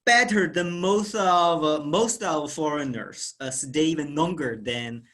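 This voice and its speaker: A man's voice: a little high, measured pace, fairly bright tone. A man whose first language is Chinese, a guest in an online discussion, speaking hesitantly with frequent fillers. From China. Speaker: guest entrepreneur.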